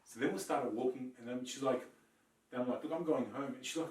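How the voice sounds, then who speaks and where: A man's voice: medium pitch, fast. A man on a casual podcast who tells a story with lots of swearing and acts out what each person said. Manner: animated, swearing, acts out quoted lines. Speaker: podcast co-host. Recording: roomy, mic a bit distant.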